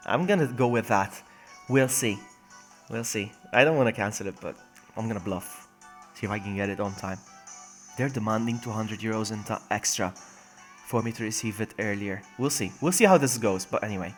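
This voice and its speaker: A man's voice: on the low side, normal speed, faint music behind. A young man casually commentating a video game stream on a phone, chatty and jokey, laughing often and reading game text aloud. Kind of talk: casual let's-play commentary.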